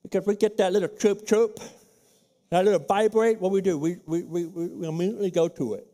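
Conversational pastor with a high voice. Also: male voice, fairly even intonation, fairly quick. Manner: conversational, practical, acts out his own prayers in a hushed voice. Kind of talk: sermon. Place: church sanctuary.

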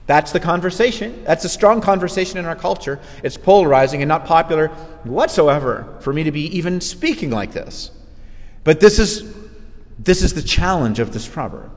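A man preaching a sermon in a lively, conversational way, acting out quotes as he goes. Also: a little high, a little fast, long reverb tail.

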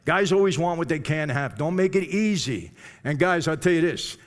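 A man's voice: fairly high pitch, lively intonation, normal speed. An older man recounting his life story to a live audience, his voice sitting a little above the usual male range. He talks in a loose, conversational way and keeps turning to the crowd with direct asides. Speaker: speaker giving a personal testimony.

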